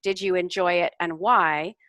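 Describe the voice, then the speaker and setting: A woman coaching a student's English over a video call, patient and encouraging. Her voice is bright and clear, recorded dry and close with no room sound. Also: on the low side, steady tone, normal speed, no echo. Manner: encouraging, explains corrections patiently. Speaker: English speaking tutor. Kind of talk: online tutoring feedback.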